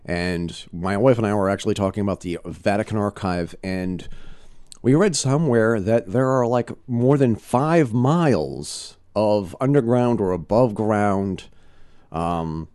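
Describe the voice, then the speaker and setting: A deep-voiced man with a mellow, dark tone co-hosting a podcast. He talks in a chatty way with plenty of fillers, recorded on a close, dry mic with faint music underneath. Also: a little slow, clean tone, no echo. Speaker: podcast co-host. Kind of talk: casual podcast chat.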